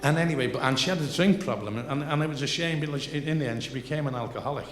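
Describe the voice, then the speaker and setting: A man's voice: mid-range voice, rapid-fire, crowd noise. Older Liverpool man telling yarns. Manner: rambling anecdotes with salty asides and rising excitement at punchlines. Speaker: comedian telling stories. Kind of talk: live stand-up storytelling. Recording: echoey live venue, faint noise.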